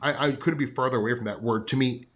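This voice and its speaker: A man chatting as a podcast guest, eager and talkative, circling his thoughts with lots of fillers and false starts. His voice sits at an ordinary middle pitch for a man. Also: fairly even intonation, fast, fairly bright tone, a little hiss or hum. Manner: eager, rambling, full of fillers and restarts. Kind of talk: casual conversation.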